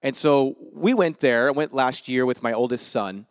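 A man, a visiting missionary, telling a story to a church congregation in a quick, lively way and acting out the dialogue. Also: medium pitch, clear, resonant tone, no echo, studio quality. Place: church service.

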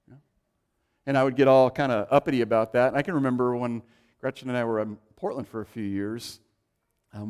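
A middle-aged man preaching a sermon, telling stories and acting out the voices of the people in them. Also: lowish voice. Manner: animated, acts out quoted voices in anecdotes. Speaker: pastor. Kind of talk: sermon with storytelling.

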